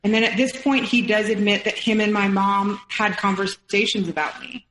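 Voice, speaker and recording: A woman's voice: medium pitch, steady tone, a bit bright, reverberant, a little hiss or hum, low-quality recording. A woman in her thirties, a podcast guest, telling a personal story with feeling and acting out what others said. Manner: emotional, quotes others in rapid retelling.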